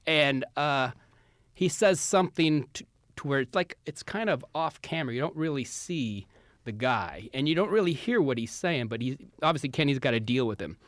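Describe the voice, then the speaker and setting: Male comic storyteller, mid pitch, dry close mic, animated delivery. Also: normal speed, no room sound. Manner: animated storyteller, acts out quotes. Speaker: comedian podcast co-host. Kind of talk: casual storytelling chat.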